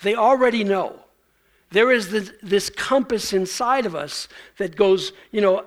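A man's voice: sits high, normal speed. A male pastor preaching a sermon in a conversational way, acting out the lines he quotes.

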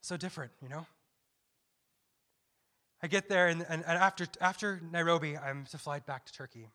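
A man's voice: fairly high pitch, moderate pace, bright, forceful tone. A young man giving a personal testimony as a missionary, telling his story with quoted self-talk and many restarts. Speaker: missionary speaker.

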